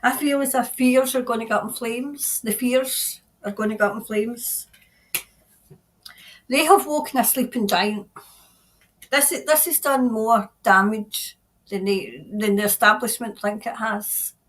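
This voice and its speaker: A middle-aged woman giving a spontaneous tarot reading, earnest and halting, often repeating her phrases. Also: on the high side, fairly even intonation, rough recording. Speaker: tarot reader.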